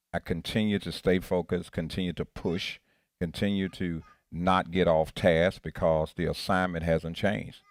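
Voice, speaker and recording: A man's voice: low voice, no room sound, studio quality. A male pastor giving an interactive sermon, earnest, often repeating and restarting his phrases. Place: church.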